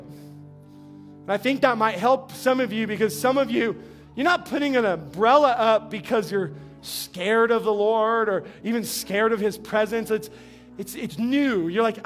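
A pastor from New Mexico delivering a sermon in a high, light voice. He talks conversationally, stumbling and repeating words, then slows to an earnest tone. Gentle music plays softly behind him.

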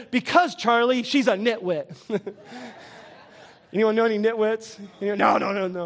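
A man with a strikingly high voice delivers a sermon from the pulpit. He keeps things lively, throwing questions to the congregation and chuckling along the way. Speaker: pastor.

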